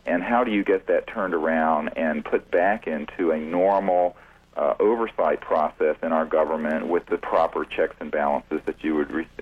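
A man being interviewed on the radio as a UFO researcher, talking deliberately with many fillers and restarts. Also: a bass voice, breathy edge. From United States. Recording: tinny phone line.

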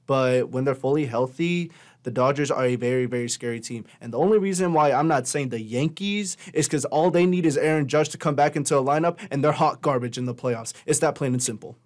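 A man's voice: medium pitch, fairly quick, darkish tone. A young man co-hosting a casual sports talk show, rambling with many fillers and self-corrections. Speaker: radio show co-host.

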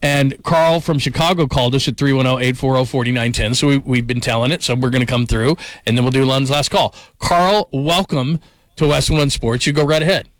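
A man hosting a national sports talk show, energetic and quick to heap praise. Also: mid-range voice, no echo. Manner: energetic, enthusiastic, hyperbolic praise.

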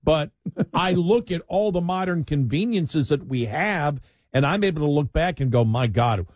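A man's voice: fairly high pitch, expressive, normal speed, a little mellow, dry recording, studio quality. A man hosting a talk radio show, chatting casually and rambling with repeated words and small laughs.

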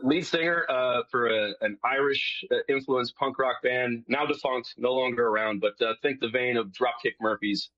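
A man's voice: mid-range voice, normal speed, hardly any pauses, dry recording, dull audio. A man from New York talking on a remote link, rambling with many restarts and fillers. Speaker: guest, TV series host. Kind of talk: casual interview chat.

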